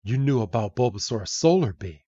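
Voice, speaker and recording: A man's voice: mid-range voice, lively intonation, brisk, mellow, no room sound, lightly acted. A man voicing a fussy, doting old male professor who coaxes and chuckles, in a dull, dry recording. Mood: surprised.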